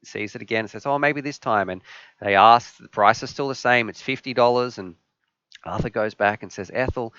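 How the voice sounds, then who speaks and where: A man's voice: fairly low pitch, steady tone, moderate pace, a bit bright, clean tone, dry recording. A man hosting a live stream, telling a joke and chatting with viewers in a rambling, jokey way. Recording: slightly dull, dry sound.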